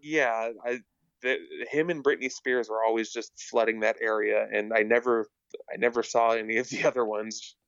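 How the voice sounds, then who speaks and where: Podcast guest: low, gravelly man, hesitant casual talk, bright edge, dull lo-fi sound. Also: steady tone, moderate pace, no room sound. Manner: hesitant, repeats words, many fillers. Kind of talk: casual chat.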